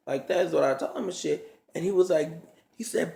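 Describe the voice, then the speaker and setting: A man's voice: fairly high pitch, normal speed, creaky, dark tone. A man telling a story to his vlog audience in blunt, profane casual talk, acting out each scene as he goes, in a roomy echoing room. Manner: blunt, profane, dramatic retelling.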